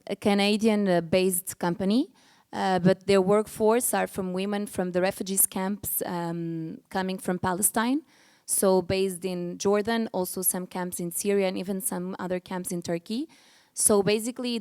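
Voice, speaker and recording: A woman's voice: medium pitch, darkish tone, clean tone. A middle-aged woman speaking on a panel, earnest and often restarting her sentences. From Portugal. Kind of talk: panel discussion.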